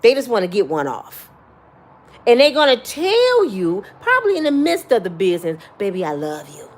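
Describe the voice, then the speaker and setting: A woman's voice: medium pitch, a little hiss or hum. A middle-aged woman talking bluntly and profanely, giving life advice in casual, preachy storytelling.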